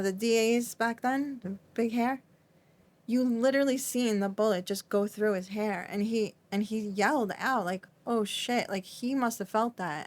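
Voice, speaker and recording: A middle-aged woman talking as a podcast guest, her voice shaky as she recounts something painful, often halting, restarting and filling with "like". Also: mid-range voice. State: shaky, trembling. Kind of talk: emotional interview recollection.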